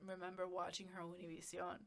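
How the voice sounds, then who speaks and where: A woman's voice: on the low side, completely flat delivery, fast talker, gravelly. A woman journalist speaking as a guest on a casual podcast, chatty and rambling, with many fillers and laughs. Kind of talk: casual interview chat.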